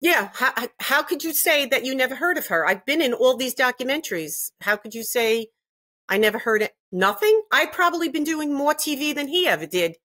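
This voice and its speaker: A woman's voice: sits high, animated, brisk, fairly bright tone. Indignant older woman, emphatic interview guest. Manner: emphatic, indignant, repeats herself.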